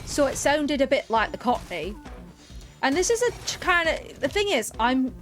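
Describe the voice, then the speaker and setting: A woman's voice: high voice, very animated, moderate pace, a bit bright, faint music behind. A woman from England chatting casually on a live gaming stream, rambling and often interrupting herself.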